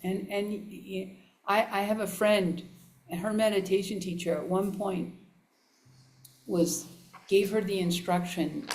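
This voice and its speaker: A woman giving a relaxed, chatty dharma talk to a live audience, laughing often and restarting her sentences. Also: mid-range voice, a little slow, long pauses. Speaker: Buddhist nun teacher. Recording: echoey room.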